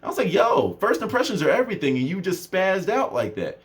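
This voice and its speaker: A man's voice: high voice, fairly quick. A young man casually telling a story to camera as a self-improvement vlogger, with lots of fillers. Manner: animated storytelling, many fillers. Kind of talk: casual talking-to-camera chat.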